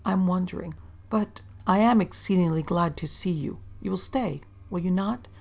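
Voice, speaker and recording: A woman voicing a formal, courteous older gentleman welcoming a guest in a storybook reading. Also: on the low side, moderate pace, gravelly.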